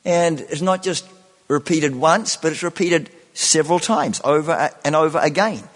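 A man preaching a sermon, repeating phrases and filling pauses with "you know". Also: on the high side, in a large hall. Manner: slow, repetitive preaching with many "you know" fillers.

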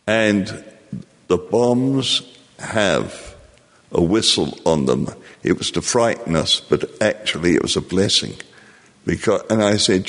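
An older man with a very low voice tells his story slowly and reflectively, filling pauses as he goes. His words ring out with a long reverberant tail, as if he is speaking in a large hall. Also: animated, a bit bright. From England. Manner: slow, reflective, with many fillers. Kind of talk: personal storytelling to an audience.

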